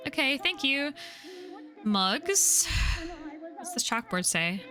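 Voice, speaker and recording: A woman's voice: sits high, very animated, slow, pauses often, pushed and bright, faint music behind. A woman streaming a video game, chatting and joking with frequent swearing. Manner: chatty, joking, curse-laden. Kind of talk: casual let's-play commentary.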